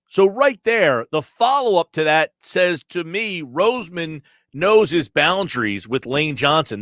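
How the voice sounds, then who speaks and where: Animated sports radio host, lively pitch. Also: male voice, dry recording, studio quality. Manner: animated, reads article quotes aloud and acts out tones. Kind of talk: sports talk radio monologue.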